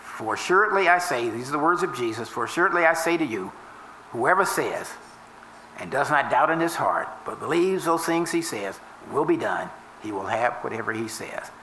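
Male minister, mid-pitched, preaching to a congregation; deliberate teaching delivery in a reverberant room. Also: lively intonation, sharp tone, slight background noise. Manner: teaching, explains step by step with formulas and scripture; emphatic rises and drawn-out slow phrases. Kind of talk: sermon. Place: church before a congregation.

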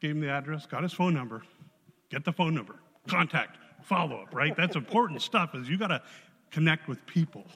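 A man giving a spoken testimony to a church congregation, telling his story in a lively way and acting out the voices in it. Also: a little high, brisk, slightly rough. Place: church hall. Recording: long hall reverb.

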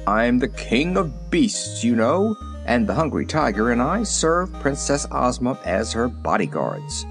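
A man's voice: medium pitch, very animated, unhurried, faint music behind. A man reading aloud and voicing a huge timid lion who speaks mildly and meekly. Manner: mild, meek. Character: huge timid male lion, mild and meek.

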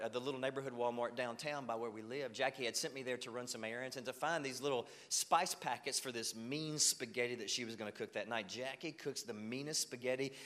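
A man's voice: medium pitch, a bit bright. Man preaching a sermon in a reverberant hall. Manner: storytelling, rising to emphatic peaks, frequent "Amen?". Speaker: pastor. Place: church sanctuary with long reverb.

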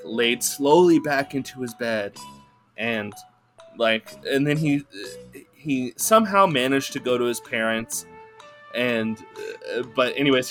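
A man's voice: mid-range voice, a bit bright. A man guesting on a podcast, telling a rambling, profane story in casual chat and laughing through it.

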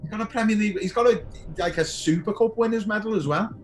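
A man's voice: high voice, fast talker, faint music behind. Chatty man hosting a quiz chat. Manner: chatty, laughs often, calls guest "mate". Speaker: podcast host.

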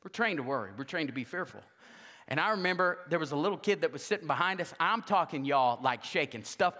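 Fast-talking and full of jokes, a pastor preaches a story-driven comic sermon in a high, sharp, carrying voice. He animatedly plays the characters in his anecdotes, and each phrase lingers in the sanctuary's long reverb.

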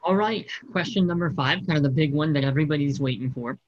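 A man's voice: on the high side, fast, highs cut off. A man hosting a podcast, asking casual interview questions in a friendly, upbeat way. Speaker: podcast host.

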